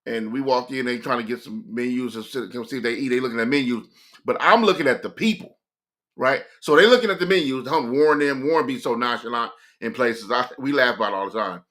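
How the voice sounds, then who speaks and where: A man from California telling a story on his stream, animated and slangy, with many stops and restarts. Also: mid-range voice, fast talker. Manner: animated, slangy, stop-and-start. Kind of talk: casual storytelling.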